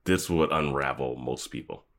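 A man's voice: rumbling low, moderate pace. A man co-hosting a podcast who chimes in casually and often laughs. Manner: laughing, chiming in. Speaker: podcast co-host. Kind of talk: casual chat.

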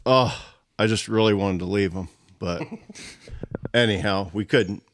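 A man's voice: on the low side, a little slow. A man telling a hunting story in casual, colloquial speech, laughing as he goes. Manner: animated, laughs through his story; rural colloquial grammar. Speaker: guest storyteller.

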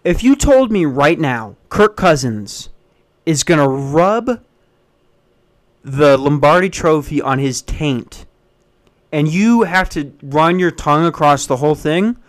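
A man's voice: fairly high pitch, lively intonation, takes it slowly. Blunt, foul-mouthed man ranting. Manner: profane, blunt and self-deprecating. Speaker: podcast host. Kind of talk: casual solo rant.

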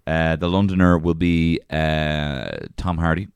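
A man's voice: very deep voice, fairly even intonation, measured pace, clear, resonant tone, no echo. A man co-hosting a podcast in casual, joking chat, laid-back and a little hesitant. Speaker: podcast co-host.

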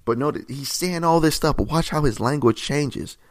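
A man preaching a sermon in a conversational, repetitive way, often checking in with "right?" and rising in pitch and volume to stress a point. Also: moderate pace. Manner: rises in pitch and volume for emphasis.

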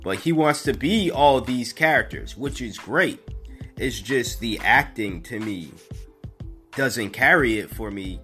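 A man's voice: mid-range voice, expressive, unhurried, sharp tone, faint music behind. A young man hosting a podcast alone, giving casual, opinionated commentary that rambles with fillers and restarts. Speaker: podcast host.

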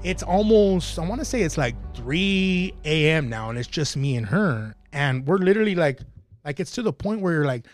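A man's voice: on the high side, big pitch swings, normal speed, faint music behind. A man telling a profane, laughing story in casual podcast talk. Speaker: podcast guest.

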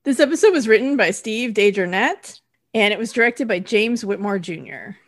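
A woman's voice: mid-range voice, lively intonation, normal speed. A woman co-hosting a podcast, chatting casually and laughing easily. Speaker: podcast co-host.

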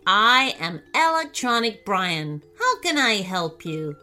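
A woman voicing a polite, helpful cardboard robot who speaks in a formal, even way. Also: medium pitch, slow pace, faint music behind, heavily acted.

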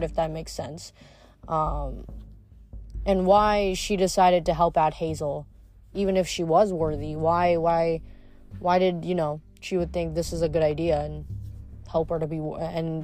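A woman's voice: on the low side, steady tone, moderate pace, darkish tone, soft background music. A woman reading a novel aloud, stumbling and correcting herself, with chatty asides between chapters. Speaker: audiobook reader.

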